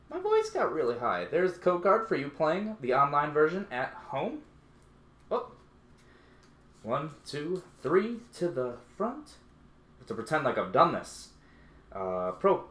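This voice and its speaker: A man giving casual, playful commentary while opening card packs, his voice jumping high when excited. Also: a little slow, pauses often. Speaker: YouTube unboxing host. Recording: echoey room.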